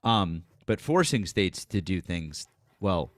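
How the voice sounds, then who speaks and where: A man's voice: deep voice, sing-song, slow, no echo. A man hosting a casual political livestream, explaining points wryly and thanking viewers by name. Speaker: livestream host.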